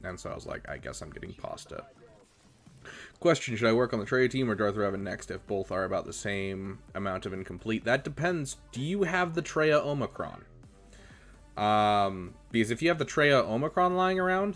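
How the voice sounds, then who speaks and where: A young man casually chatting on a live stream, giving relaxed advice with lots of ums and uhs. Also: lowish voice, normal speed, faint music behind. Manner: relaxed, chatty, many fillers, gives advice. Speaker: streamer reviewing viewers' game rosters.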